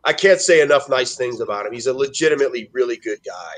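A man's voice: medium pitch, fast. A man talking casually on a podcast, rambling and restarting often as he tells stories. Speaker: podcast guest.

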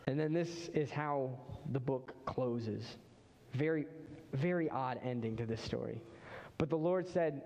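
Brief: male pastor, lively sermon storytelling, slightly dull muffled church recording. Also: a little high, normal speed, in a large hall. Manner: animated storytelling, acting out the figures. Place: church sanctuary.

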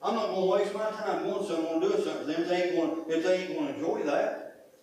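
Preaching a sermon, a middle-aged pastor talks fast in a folksy, conversational way, circling back on his points. His slightly mellow voice sits a little high for a man. A distant mic picks him up in a very echoey church sanctuary, with a faint hiss underneath.

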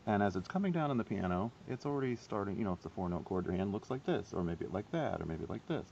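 A man giving a casual, self-deprecating harp lesson, chatty and quick to laugh at himself. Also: on the low side, animated, vocal fry, darkish tone, lo-fi sound, a little hiss or hum. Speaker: harp teacher.

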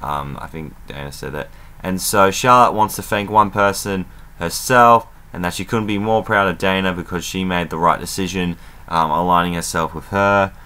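A man casually recapping a wrestling show as an excitable fan, chatty and loose, with plenty of fillers and some swearing. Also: low voice, normal speed, clean tone.

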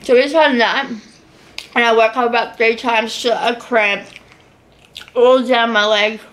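A woman's voice: a little high, steady tone, measured pace, a bit bright. A young Australian woman chatting casually while eating, rambling between bites. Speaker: vlogger. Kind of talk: casual mukbang chat.

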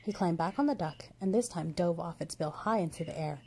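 A woman reading a children's storybook aloud in a steady, expressive way. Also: fairly low pitch, brisk, slight background noise.

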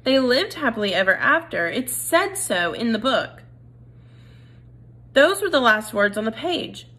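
A woman reading a children's novel aloud, gentle and expressive, speaking directly to the reader. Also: a little high, unhurried. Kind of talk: read-aloud narration.

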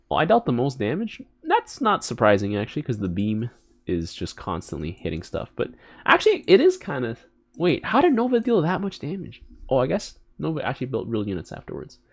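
Speaking in a mid-range, slightly rough voice, a male gaming YouTuber delivers casual live commentary while playing. He's excitable and slangy, with abrupt squeals and muttered asides.

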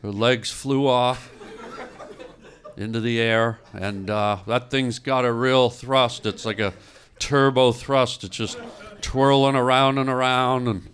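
A male comedian on a club stage, spinning an absurd story in a deadpan, mock-grieving tone. His voice sits at an ordinary middle pitch for a man. Every so often he turns and snaps at the crowd in mock anger. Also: slow pace. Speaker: stand-up comedian. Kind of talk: improvised stand-up.

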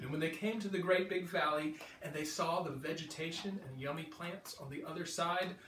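A male children's librarian reading a storybook aloud to kids from home, playful and animated. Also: on the high side, echoey room, distant mic, slight background noise.

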